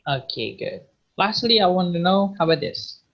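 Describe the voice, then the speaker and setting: A man with an Indonesian accent teaching an online English vocabulary lesson, patient and encouraging, slowly repeating words to model pronunciation over a video call. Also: sits high, very animated, vocal fry, fairly bright tone, rough recording.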